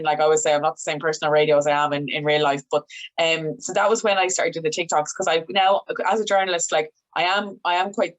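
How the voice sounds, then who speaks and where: A young woman radio journalist, a guest chatting casually in an interview and telling lively stories with quick asides. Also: low-pitched. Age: young adult.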